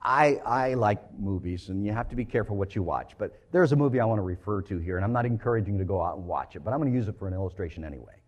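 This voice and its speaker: Brief: male preacher, expressive and sing-song, storytelling sermon that swells loud then drops quiet. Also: lowish voice, rapid-fire, few pauses. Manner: animated storytelling with big swings in loudness.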